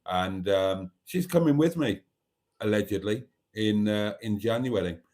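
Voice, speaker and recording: A man's voice: fairly low pitch, a little slow, a little mellow. Male live-stream host, casual and chatty, reads comments aloud.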